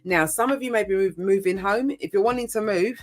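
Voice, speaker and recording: A woman's voice: medium pitch, brisk, slight background noise. A woman giving a casual tarot reading, chatty and rambling, with frequent ums and mild swearing. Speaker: tarot reader.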